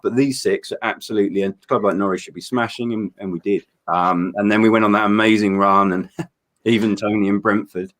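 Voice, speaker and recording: Lowish-voiced guy rambling away on an all-night charity stream, excited but worn out, tons of ums and restarts. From Norfolk, England. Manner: rambling, enthusiastic, frequent fillers and restarts. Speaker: charity livestream co-host. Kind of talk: casual chat.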